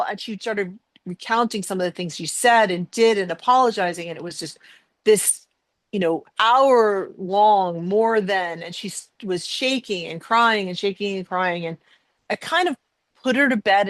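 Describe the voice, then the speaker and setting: A woman's voice: mid-range voice, normal speed, no room sound. A middle-aged woman hosting a podcast, telling a personal family story in conversation, emotional and rambling with many fillers and restarts. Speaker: podcast host.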